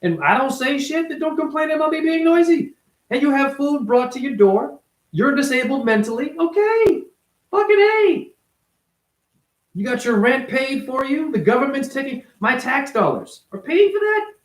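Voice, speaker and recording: High-voiced man ranting bluntly. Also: expressive, moderate pace, reverberant, rough recording. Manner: blunt, profane, emphatic. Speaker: vlogger, former ballet dancer. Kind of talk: unscripted monologue rant. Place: his apartment, indoors.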